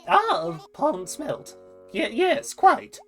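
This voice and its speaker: A fussy male owl curator in a cozy game, prim, polite and fond of long words, as a woman puts him on. The voice sits higher than her own, with a lively, swooping lilt. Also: extremely slow, soft background music, heavily acted. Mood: pompous. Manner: prim, wordy and polite, with a hooting catchphrase.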